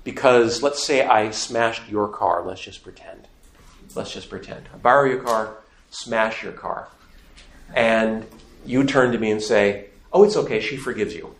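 A man's voice: lowish voice, measured pace. A man teaching a faith class to a live audience, emphatic and asking the room questions. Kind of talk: lively classroom lecture. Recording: echoey room.

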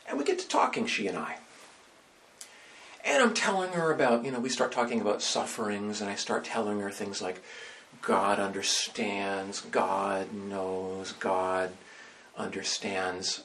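A man, a priest, preaching a conversational sermon full of rhetorical questions, swinging between loud and soft. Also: mid-range voice, big pitch swings, brisk, creaky, a little hiss or hum.

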